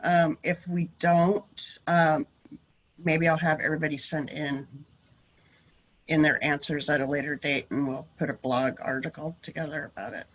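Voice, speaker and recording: A woman's voice: sits low, steady tone, normal speed, highs cut off, a little hiss or hum. A woman moderating a webinar panel over a video call, talking with frequent hesitations. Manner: hesitant, many ums.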